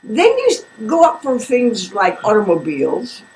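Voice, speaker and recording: A woman's voice: medium pitch, very animated, moderate pace, a little mellow, recorded from a distance, a little hiss or hum, rough recording. A woman co-hosting a chat, playfully teasing and prodding her guest with questions. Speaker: co-host, interviewer. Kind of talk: casual chat.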